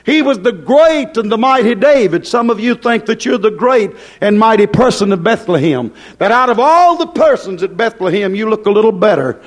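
A middle-aged man preaching a fiery sermon of warning, repeating his points and swinging up and down in pitch. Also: lively intonation, normal speed, few pauses. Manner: warning, repetitive, rises and drops in pitch.

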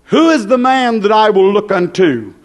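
A middle-aged man preaching a fiery sermon of warning, repeating his points and swinging up and down in pitch. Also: expressive, moderate pace. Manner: warning, repetitive, rises and drops in pitch.

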